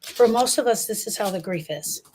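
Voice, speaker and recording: A woman's voice: medium pitch, moderate pace, heavy background noise. An older woman giving an impassioned talk on grief, emphatic and repeating lines for stress as she speaks straight to her listeners.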